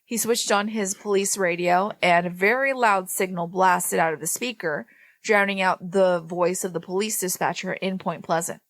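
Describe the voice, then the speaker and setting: A woman's voice: on the low side, steady tone, normal speed, fairly bright tone, dry recording. A woman podcast co-host reading a paranormal story aloud, breaking off now and then to laugh and joke with her co-host.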